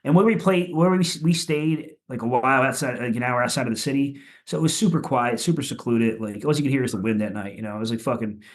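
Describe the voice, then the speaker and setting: Philly guy on a podcast, rambly, swears a lot, says like constantly, average pitch. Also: fast, few pauses. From Philadelphia, USA. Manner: rambling, profane, many "like" fillers. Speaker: podcast guest, punk musician. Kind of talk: casual chat.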